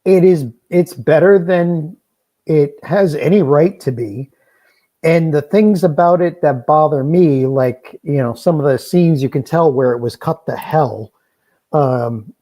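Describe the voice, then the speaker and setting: A man's voice: fairly high pitch, unhurried, warm tone. A man co-hosting a podcast, giving wry, opinionated movie opinions with joking asides in casual chat. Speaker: podcast co-host.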